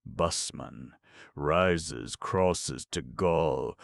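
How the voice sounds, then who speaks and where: A man narrating an audiobook play, reading stage directions in a flat, matter-of-fact way. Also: very deep voice, takes it slowly, no echo, studio quality.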